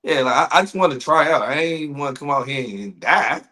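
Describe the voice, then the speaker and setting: A man's voice: fairly high pitch, brisk. A man co-hosting a casual comedic chat, telling stories animatedly and acting out what other people say. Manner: animated storytelling, acts out other people's voices. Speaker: podcast co-host.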